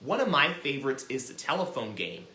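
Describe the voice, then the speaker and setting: A man hosting a children's music lesson, talking in an animated, encouraging way and demonstrating as he goes. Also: medium pitch, fairly quick, reverberant, slight background noise. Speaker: children's music teacher and host.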